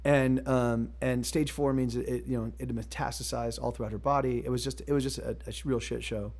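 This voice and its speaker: This male musician, live-streaming, fills the gaps between songs with casual, hesitant talk riddled with fillers and restarts. His mid-range voice is steady and darkish, and he speaks a little fast.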